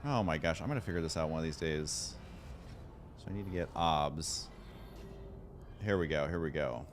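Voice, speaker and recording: A man streaming a game and chatting casually with viewers, excitable and self-deprecating as he thanks them by name. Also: lowish voice. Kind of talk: casual livestream chat.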